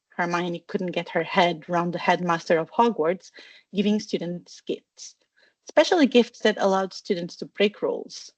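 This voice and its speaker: A woman narrating a fan fiction storybook with steady, even reading. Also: fairly low pitch, moderate pace, dry recording, dull audio. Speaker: audiobook reader.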